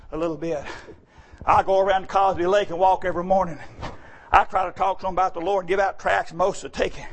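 Man preaching folksy jokes from the pulpit, animated, breaks into shouts, high-pitched. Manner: animated, often shouting, joking. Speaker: church speaker. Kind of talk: folksy joking sermon.

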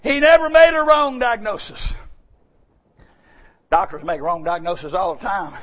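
A man preaching a sermon in church, telling folksy stories and shouting his key points with emphasis. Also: high voice, a little slow.

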